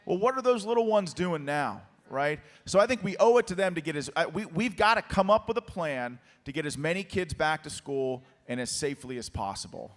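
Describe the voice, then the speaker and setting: A man running for office, talking as a guest on stage, his voice going hoarse, with an emphatic, rallying manner. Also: expressive, fairly quick, few pauses. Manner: emphatic rallying campaign pitch. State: losing his voice. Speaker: political candidate, interview guest. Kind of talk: live on-stage conversation. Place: conference hall with an audience. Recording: long hall reverb.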